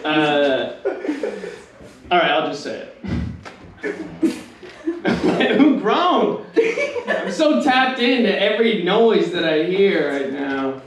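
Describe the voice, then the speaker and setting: A man's voice: high voice, very animated, slow, pauses often, recorded from a distance, slight background noise. A man doing a stand-up comedy set in a small club, laughing often and bantering with hecklers. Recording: echoey room mic with crowd. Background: audience laughter.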